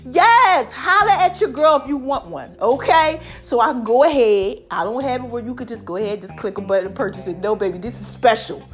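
A middle-aged woman talks to her followers in a chatty, animated vlog, her pitch sitting high and bouncing widely. Allergies leave her voice a touch deeper and rougher than usual. Soft music plays faintly behind her. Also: brisk, hardly any pauses. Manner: animated, chatty, repeats catchphrases, laughs often. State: voice a bit deep from allergies. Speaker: online personality talking to followers. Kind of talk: casual motivational vlog chat.

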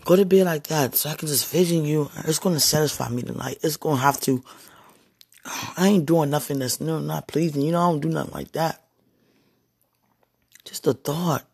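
Husky woman in a breathy monologue. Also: low voice, normal speed, long pauses, darkish tone, no room sound, clean studio sound. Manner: breathy, slips into whispers, repeated sighing exclamations. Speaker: podcast speaker. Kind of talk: intimate spoken monologue.

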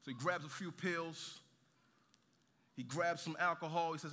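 A man from Nigeria preaching a sermon, telling a story with animated, joking asides to the congregation. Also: on the high side, measured pace. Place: large church hall. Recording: reverberant hall.

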